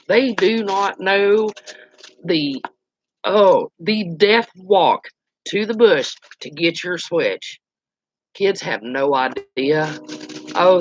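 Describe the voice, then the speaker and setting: Animated storyteller, lo-fi. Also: mid-range voice. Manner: animated, colloquial, exclaiming. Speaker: outdoors channel host. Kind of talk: casual storytelling. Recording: dull lo-fi dry recording.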